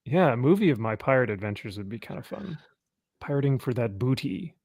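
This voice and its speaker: A young man from California hosts a relaxed livestream, cracking jokes, laughing easily and reading out viewer comments. His voice sounds close and dry, with no room around it. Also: medium pitch, brisk, no room sound. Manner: jokey, laughs often, reads viewer comments aloud. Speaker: livestream host. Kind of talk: casual chat.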